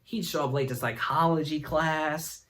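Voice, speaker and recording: A man's voice: fairly high pitch, fairly even intonation, moderate pace, fairly bright tone. A man hosting a comedy talk show, telling a rambling story with folksy asides and frequent laughter. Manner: laughs often, acts out voices, folksy asides.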